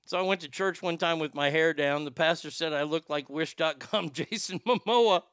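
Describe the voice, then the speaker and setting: A man's voice: on the high side, normal speed, a bit bright, clean tone, dry recording, clean studio sound. A man hosting a show in a rambling, profane comedic rant, often stammering and repeating words. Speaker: show host.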